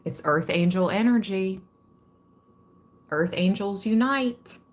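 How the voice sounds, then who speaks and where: A woman giving a calm, reflective tarot reading to her viewers. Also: medium pitch, slow. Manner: calm and reflective, reading card meanings aloud. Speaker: tarot card reader.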